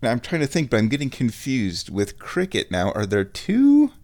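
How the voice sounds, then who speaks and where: A man hosting a show on his own, thinking aloud in an excitable, self-mocking ramble. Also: medium pitch, fairly quick. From United States. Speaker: podcast host. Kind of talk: rambling solo chat.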